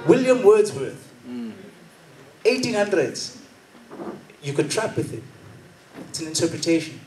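A man's voice: a little high, a little mellow. A man with a South African accent, giving an emphatic acting masterclass talk and dramatically reciting poetry to a room. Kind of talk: energetic workshop talk. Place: event venue with audience. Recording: echoey venue from far off.

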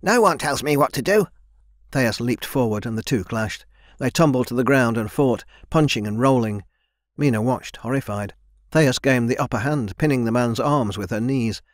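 Guy reading a fantasy audiobook, steady, dry studio sound. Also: medium pitch, normal speed, no echo. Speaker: audiobook narrator. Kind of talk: scripted narration.

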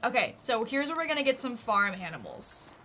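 A woman's voice: fairly high pitch, very animated, a little fast, pushed and bright, slight background noise. A woman from Texas chatting casually with her live-stream chat while playing a farming game, giggling often.

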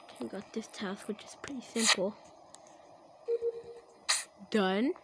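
A woman talks her way through an online game in loose, casual commentary, drawing out her words at an easy pace. She breaks into laughs and shouts whenever something happens. There's a steady hiss of noise under the recording. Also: mid-range voice, takes it slowly. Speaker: gaming channel creator.

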